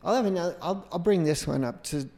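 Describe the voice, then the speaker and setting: A middle-aged man, a podcast guest, telling a long casual anecdote in a rambling, animated way, often breaking off and restarting. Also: on the high side, fast talker, long reverb tail. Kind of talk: casual storytelling.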